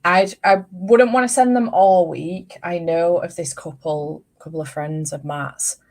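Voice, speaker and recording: A woman's voice: fairly low pitch, unhurried, a little mellow. A woman, telling stories in a casual chat and swearing freely. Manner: chatty storyteller, swears casually. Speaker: host.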